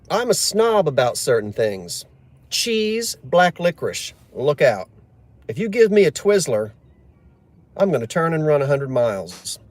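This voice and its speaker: A man chatting casually on a live stream, joking and answering viewer comments. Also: on the high side. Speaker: livestream host.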